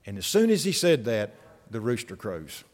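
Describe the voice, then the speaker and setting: A man's voice: mid-range voice, sing-song, normal speed, darkish tone, in a large hall. A man preaching an expository sermon, earnest and emphatic, often repeating his key phrases.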